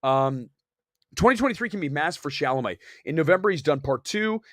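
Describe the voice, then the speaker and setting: A man hosting a live movie talk show, opinionated and animated, talking fast and reacting to chat comments. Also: on the high side, no echo, clean studio sound. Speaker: host. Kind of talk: casual live-stream film chat.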